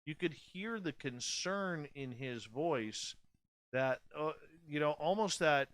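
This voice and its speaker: A man's voice: on the high side, expressive, takes it slowly, fairly bright tone, no room sound. A man in his forties hosting a radio show, speaking bluntly and candidly in a casual late-night monologue. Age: 40s. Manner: blunt, candid and profane, with many restarts.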